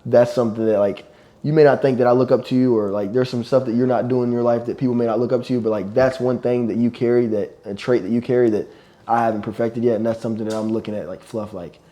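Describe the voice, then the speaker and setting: Young man telling lively stories. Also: medium pitch, fast. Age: young adult. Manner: animated storytelling, laughing often. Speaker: college football player, guest. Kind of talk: casual podcast chat.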